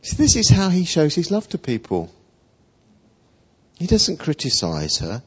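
A man preaching a sermon in an animated storytelling way, acting out quotes. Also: a little high, unhurried, husky. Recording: dull lo-fi recording.

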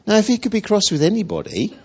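A man preaching a sermon in an animated storytelling way, acting out quotes. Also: sits high, quick pace, breathy edge. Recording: dull lo-fi recording.

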